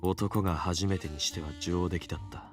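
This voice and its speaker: A man's voice: sits low, fairly even intonation, very fast, soft background music, close to an everyday voice. A male voice actor playing a laid-back, teasing young smoker in a visual novel, with a dry, lazy delivery. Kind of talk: Japanese visual novel voice acting.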